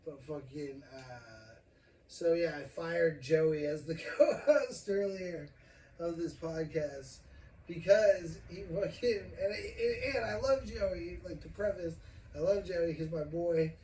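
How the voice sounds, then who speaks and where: A man's voice: fairly high pitch, slow pace, warm tone. A young man hosting a casual podcast, rambling and swearing, laughing often as he tells a story. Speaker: podcast host. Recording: roomy, distant mic, faint noise.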